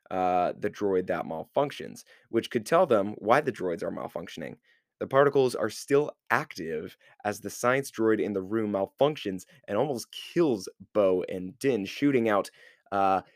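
A man's voice: on the low side, darkish tone, no echo, clean studio sound. A man hosting a podcast, recapping a show episode casually with lots of filler words. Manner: rambling, heavy on filler words. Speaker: podcast host.

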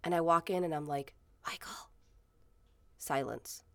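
A woman's voice: low-pitched, brisk, vocal fry, a bit bright, no room sound. A woman in her thirties telling stories in casual chat, rambling with many fillers and swearing freely. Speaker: podcast co-host.

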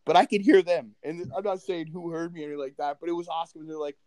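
A man, a teacher, telling a funny story in animated casual chat and quoting people with a raised voice. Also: on the high side, very fast, dry recording, low-quality recording.

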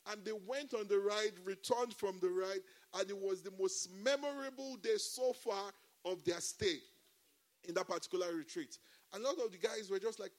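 High-voiced animated male preacher. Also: normal speed. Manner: animated, frequent exclamations of praise; folds laughter and humor into preaching. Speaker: pastor. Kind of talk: sermon.

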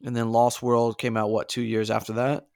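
A man's voice: medium pitch, monotone, normal speed, creaky, a little mellow. A man co-hosting a casual movie podcast, talking loosely and breaking into goofy impressions of actors. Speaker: podcast co-host.

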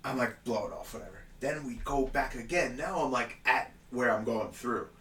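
A man tells a story in casual chat, swearing freely and laughing often. His voice is bright and forceful, a bit distant from the mic. The room echoes, with a faint hum of noise behind him. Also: medium pitch, normal speed.

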